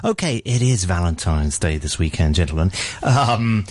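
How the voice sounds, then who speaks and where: A man's voice: low-pitched, animated, moderate pace, darkish tone. A man hosting a radio chat, musing in a hesitant way with fillers. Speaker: radio host.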